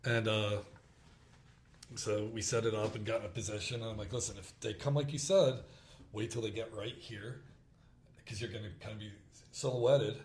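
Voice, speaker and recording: A man in his thirties telling a hunting story in casual chat, acting out the quotes with quick laughs. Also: lowish voice, steady tone. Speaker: podcast host. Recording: roomy with faint background noise.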